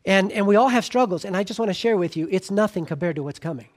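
A man preaching a sermon in an earnest way, rising to emphatic lines and dropping to quiet, soft appeals, with frequent restarts. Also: high-pitched, animated, fast talker.

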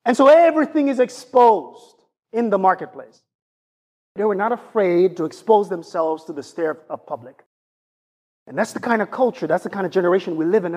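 A man preaching a sermon in an animated, conversational way, often turning to ask his congregation questions. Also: sits high, breathy edge.

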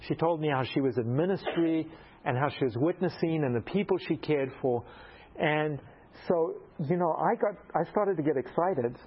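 A man preaches through a personal story, poking fun at himself and acting out each exchange. His voice sits a little high and climbs further when he gets excited. The recording sounds dull and lo-fi. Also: moderate pace, breathy edge. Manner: animated, self-mocking storyteller who acts out dialogue. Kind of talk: storytelling sermon.

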